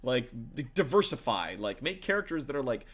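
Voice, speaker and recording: A man's voice: medium pitch, very animated, brisk, fairly bright tone. A man, a tabletop game master and streamer, chatting casually with viewers in a rambling, profane way full of fillers.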